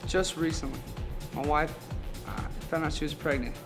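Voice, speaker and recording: A young man in a band answering interview questions earnestly about his faith, halting and restarting often. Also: on the high side, steady tone. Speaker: band member. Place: venue after a concert. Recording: music playing in background.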